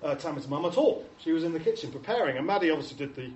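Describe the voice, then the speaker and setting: An Englishman with a fairly high, darkish voice and lively intonation races through a humorous talk while showing photos to an audience. He tells chatty, self-mocking stories and acts out the voices he quotes. The audio is muffled, with an echoey hall, distant mic and faint noise.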